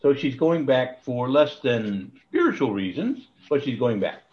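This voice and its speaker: Male Bible study leader on a video call, mid-pitched, rambly, chuckles often, dull audio. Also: lively intonation, a little slow. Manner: rambling, restarts, chuckles at his own jokes. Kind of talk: casual online Bible study teaching.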